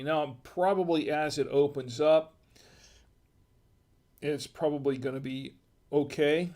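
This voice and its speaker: A man hosting a live-stream wine tasting, chatting casually in a rambling, halting way with self-deprecating humor. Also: on the high side, steady tone, darkish tone.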